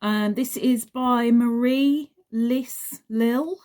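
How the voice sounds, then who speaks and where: Woman, crochet vlogger, unhurried delivery, reads passages aloud then drifts into chatty asides. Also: a little high, fairly even intonation, a little mellow. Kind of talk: casual magazine review, reading passages aloud.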